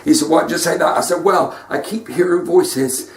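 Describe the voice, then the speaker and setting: A male comedian with a West Country accent fires off one-liners and chats to his online viewers. His voice sits a little high, and it comes from some way back from the mic. The room around him echoes. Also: moderate pace, recorded from a distance. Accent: West Country English. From West Country, England. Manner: cheeky joke-telling with asides to viewers. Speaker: stand-up comedian. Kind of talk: stand-up comedy livestream.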